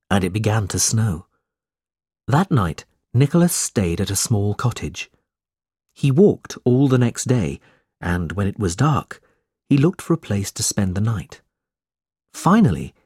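A man narrating a storybook in a slow, expressive reading style. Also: on the low side, husky, no echo, clean studio sound.

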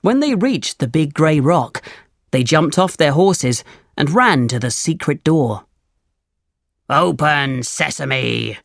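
A narrator giving a measured, clear reading of a chapter book. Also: mid-range voice, very animated, no room sound, clean studio sound. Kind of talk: storybook reading.

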